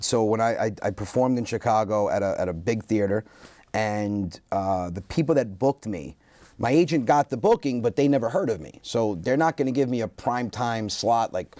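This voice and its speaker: A man, a comedian guest, telling lively stories in a casual interview and acting out what people said. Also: lowish voice, moderate pace, no echo. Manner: animated storyteller acting out quotes.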